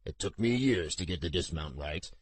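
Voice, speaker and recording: A man voicing a big, weathered older male dragon rider who speaks with a thick foreign accent in a gruff, hearty way. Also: deep voice, expressive, moderate pace, no room sound.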